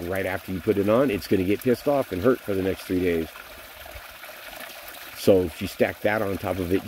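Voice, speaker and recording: A deep-voiced man in his forties delivers a bitter vlog rant that is thick with swearing. His voice sits very low. Faint running water trickles behind him. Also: darkish tone, a little hiss or hum. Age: 40s. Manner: bitter, profane ranting. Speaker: vlogger. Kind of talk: venting vlog monologue.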